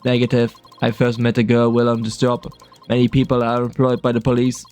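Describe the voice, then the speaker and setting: Man doing a clipped robotic bomb expert, flat, terse, game voice. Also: mid-range voice, fairly quick, faint music behind, lightly acted. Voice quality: flat, clipped, machine-like delivery. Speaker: game streamer reading dialogue. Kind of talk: casual game dialogue reading.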